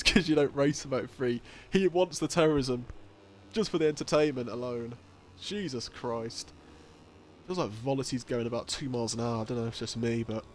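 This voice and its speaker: A man's voice: medium pitch, a little hiss or hum. A man hosting a live stream of an online racing league, talking casually, swearing and laughing often as he reads the chat aloud. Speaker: league stream host and commentator.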